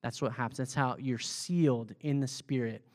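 A man's voice: mid-range voice, moderate pace, a little mellow. Talkative man preaching to a group. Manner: conversational, asks the group questions and repeats their answers; loose, with fillers and restarts. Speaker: pastor leading a Bible study. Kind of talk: interactive sermon teaching.

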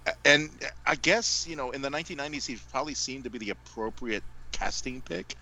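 Bright-voiced man rambling in chat. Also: mid-range voice, quick pace, poor audio. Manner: rambling, self-correcting asides. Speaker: podcast co-host. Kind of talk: casual chat.

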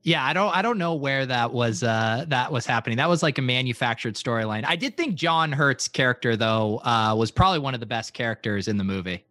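A man's voice: mid-range voice, a little fast, few pauses, sharp tone, dry recording, studio quality. A man from Colorado co-hosting a casual podcast, easygoing and a little hesitant. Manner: easygoing, hesitant, laughs often. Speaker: podcast co-host.

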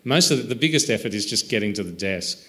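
A man's voice: lowish voice, animated, fast, a bit bright. A man talking as an author in an interview, thoughtful and self-deprecating, rambling a little with restarts. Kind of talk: reflective conversational interview.

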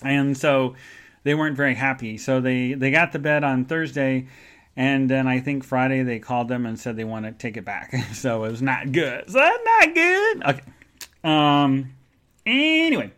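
A man's voice: mid-range voice, steady tone, moderate pace, fairly bright tone. A man hosting a live online show, telling a rambling personal story in a casual chatty way with many fillers and asides. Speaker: podcast host.

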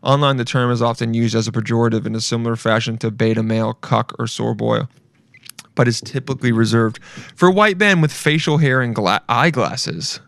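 A man's voice: medium pitch, a little fast, vocal fry, a bit bright, dry recording. Twenties male podcast host, loose profane rambler, self-deprecating, dry close mic. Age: 20s. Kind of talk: casual solo podcast rant.

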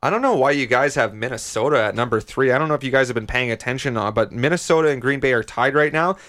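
A man hosting a casual sports debate, pushing back on his co-hosts and walking them through the standings one game at a time. He speaks at an ordinary pitch. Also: fast talker, fairly bright tone. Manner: argumentative, lays out standings step by step. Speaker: sports podcast host.

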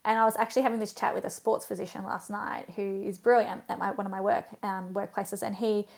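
Australian woman, physiotherapist guest, casual chat, gravelly fry, mid-pitched, chatty and laughing. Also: flat delivery, fast, a little mellow. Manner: chatty, laughs while telling stories.

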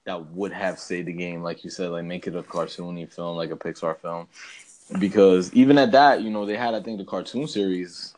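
Laid-back rambling man, low voice. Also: steady tone, normal speed, darkish tone. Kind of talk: casual chat.

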